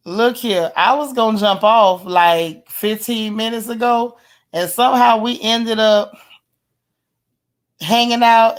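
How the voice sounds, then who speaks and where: A hoarse woman hosting a casual livestream, chatting warmly and reading viewer comments aloud. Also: a little high. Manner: affectionate, teasing. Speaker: livestream host. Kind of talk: casual live-stream chat.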